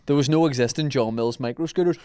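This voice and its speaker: A man co-hosting a podcast, telling animated stories and laughing often. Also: mid-range voice, quick pace, clear, resonant tone, no room sound. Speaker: podcast co-host. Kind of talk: casual storytelling.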